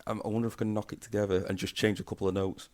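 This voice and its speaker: A man's voice: on the low side, level tone, rapid-fire, a little mellow. A man co-hosting a casual football podcast, playful and jokey, reading out rankings with a grin. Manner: playful, jokey, hums jingles. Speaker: podcast co-host.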